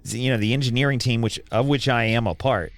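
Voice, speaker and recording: A man's voice: mid-range voice, fast, no room sound. A man playing a tabletop game, talking in a hesitant, stumbling way. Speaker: player. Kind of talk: casual tabletop game chat.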